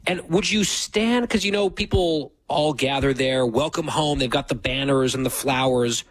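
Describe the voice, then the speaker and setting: A man's voice: medium pitch, moderate pace. A man co-hosting a casual chat, teasing and skeptical in his questions. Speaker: co-host. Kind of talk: casual banter.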